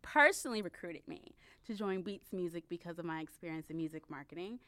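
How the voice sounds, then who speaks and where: A woman hosting a podcast quiz game in casual chat, animated, with quick asides and frequent laughs. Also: fairly low pitch, no echo.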